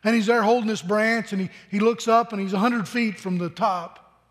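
A very high-pitched man preaches in a plain, conversational way, circling back on his words as he builds each point. His voice rings out with a long hall reverb from a large worship space. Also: fairly even intonation, moderate pace. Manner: earnest, conversational preaching with frequent repeated words. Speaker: pastor. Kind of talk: sermon.

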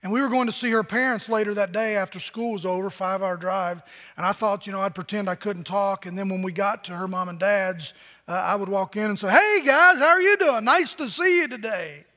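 High-voiced older pastor in a reverberant hall. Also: male voice, little pitch movement, fairly quick, a bit bright. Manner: storytelling, conversational, with fillers and asides. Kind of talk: sermon.

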